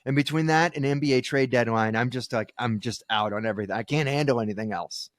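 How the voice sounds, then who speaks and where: A man's voice: medium pitch, fast, no echo, clean studio sound. A man co-hosting a podcast, chatting casually with wry, questioning remarks. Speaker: podcast co-host. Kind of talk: casual chat.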